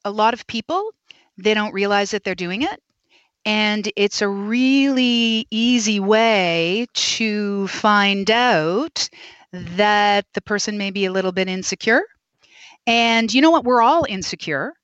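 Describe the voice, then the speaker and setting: Brief: slow-spoken, emphatic woman expert, dry and dull lo-fi sound. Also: medium pitch, fairly bright tone, dry recording. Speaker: speech-language pathologist guest. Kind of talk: interview conversation.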